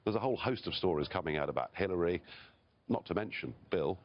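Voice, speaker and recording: A man's voice: sits low, expressive, fast, highs cut off. A man from Britain, a political guest on a live TV interview, talking bluntly and emphatically with chuckles between points.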